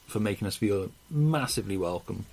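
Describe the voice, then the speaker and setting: A man co-hosting a podcast, chatting casually and rambling from one thought to the next. His voice sits a little low. He laughs often and drops the odd swear word. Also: animated, a little fast, gravelly, darkish tone. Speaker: podcast co-host. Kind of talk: casual chat.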